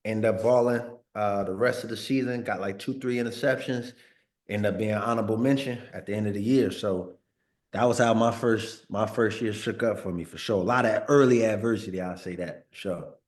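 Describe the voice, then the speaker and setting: A man's voice: fairly low pitch, fairly even intonation, fairly quick. A man in his thirties from Northern California, a former pro football player telling stories in a sit-down interview, laid-back and full of slang, often saying "like" and repeating words. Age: 30s. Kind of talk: casual storytelling in a sit-down interview.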